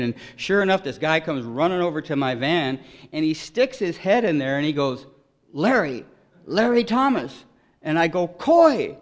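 A middle-aged man sharing his recovery story at a meeting, rambling and self-deprecating, filling every pause with "you know.". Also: on the high side. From Detroit, raised in California. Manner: wry, self-deprecating humor. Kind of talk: AA share, storytelling.

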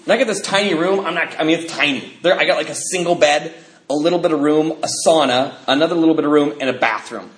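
Animated man telling a recovery story. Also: on the high side, fast. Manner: animated, acts out quoted dialogue, laughs often. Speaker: speaker sharing his recovery story. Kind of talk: storytelling talk to a recovery meeting. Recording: echoey room, faint noise.

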